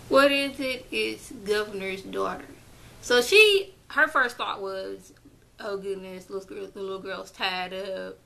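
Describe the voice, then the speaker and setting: A woman recapping a TV episode in a chatty, animated way, now and then acting out characters' lines in her own voice. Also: mid-range voice, vocal fry, rough recording. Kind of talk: casual recap.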